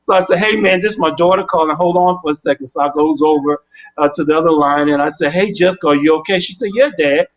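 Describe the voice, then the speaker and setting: High-voiced older man telling a story. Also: fast. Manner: animated storyteller who acts out both sides of phone calls. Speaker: guest. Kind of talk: casual interview storytelling.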